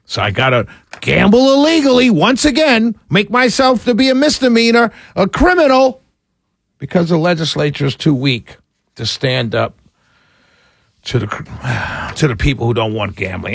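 A male radio host, delivering a sarcastic, animated talk radio monologue. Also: fairly high pitch, normal speed, vocal fry, slightly rough, dry recording, studio quality.

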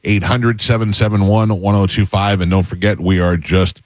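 A man's voice: low-pitched, level tone, moderate pace, darkish tone, no echo. A man hosting a morning radio show, telling stories in a dry way. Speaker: radio host. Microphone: studio microphone.

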